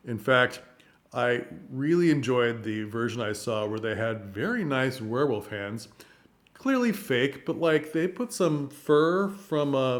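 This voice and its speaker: A man talking casually to camera as a theater commentator, chatty and chuckling between points. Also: medium pitch.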